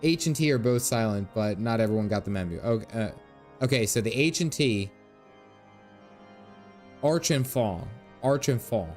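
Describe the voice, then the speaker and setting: A man's voice: mid-range voice, lively intonation, normal speed, long pauses, soft background music. A man in his thirties streaming a game, chatting casually with lots of laughs, dad jokes and game lines read aloud. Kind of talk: casual gameplay commentary.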